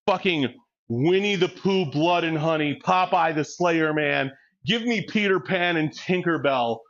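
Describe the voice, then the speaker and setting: Man in his 40s, cursing, cracks himself up, a bit higher-pitched voice, dull lo-fi recording. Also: unhurried. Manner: crude, joking, laughs often, excitable storytelling. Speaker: fitness vlogger. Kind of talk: casual chat between sets. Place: gym during a workout.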